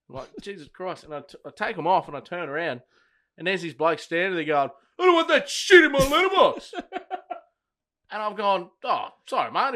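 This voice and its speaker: Sweary animated Australian man. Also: fairly high pitch. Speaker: podcast co-host. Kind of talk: casual banter.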